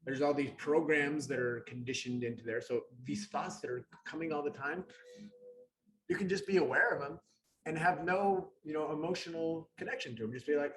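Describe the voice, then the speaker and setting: A man's voice: on the high side, normal speed, a bit bright. Man, wellness coach, motivational explaining, checks in often, roomy echoey recording.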